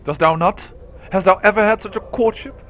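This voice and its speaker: A man's voice: high voice, brisk, a bit bright, a little hiss or hum, pitched above the performer's own voice. A man voicing a bored, dramatic young noblewoman from a role-playing game, using an old-fashioned put-on British English accent and archaic speech. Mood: theatrical. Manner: archaic theatrical speech, languid and drawn out.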